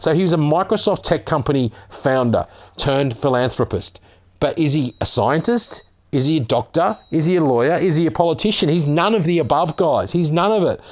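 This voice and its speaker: A man's voice: medium pitch, a little mellow. An Australian man ranting sarcastically as a vlogger, reading out a news article and swearing as he gets heated.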